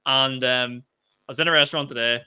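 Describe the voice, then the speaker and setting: A man's voice: mid-range voice, brisk, smooth. A young man, a stand-up comedian co-hosting a podcast, telling stories in casual, swearing chat. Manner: animated storytelling, swears freely.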